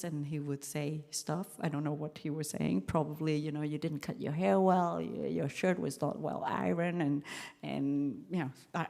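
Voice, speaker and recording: Halting woman in a reverberant hall. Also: low voice. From Vietnam. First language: French. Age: 50s. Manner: halting, many restarts and fillers, animated quotes. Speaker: guest lecturer. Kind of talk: university lecture, storytelling.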